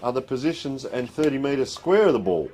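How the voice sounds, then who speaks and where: A man's voice: mid-range voice, fairly quick, slight background noise. A man with an Australian accent calling a community football match live from the ground, easygoing and chatty, reading out scores between plays. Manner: relaxed, chatty play-by-play with score calls. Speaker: football commentator. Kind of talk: live sports commentary.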